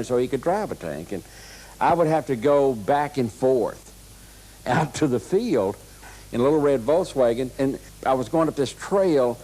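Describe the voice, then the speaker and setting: A man telling anecdotes in an interview, animated, laughing as he acts out what people said. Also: mid-range voice, slightly rough, poor audio. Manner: animated, laughs while acting out quotes. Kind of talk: anecdotal storytelling.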